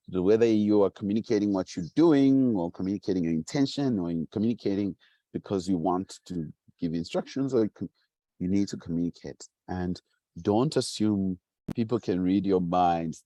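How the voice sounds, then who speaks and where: A man's voice: deep voice, moderate pace, mellow, no echo. A man giving a motivational teaching talk, emphatic and repetitive, acting out quoted voices. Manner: emphatic, repeats key phrases, acts out quoted voices.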